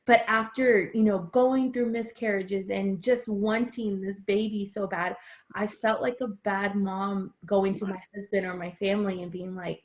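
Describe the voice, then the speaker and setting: A woman hosting an interview, talking softly and conversationally, with many "like"s. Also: medium pitch, steady tone, measured pace. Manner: soft-spoken, frequent "like". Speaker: host.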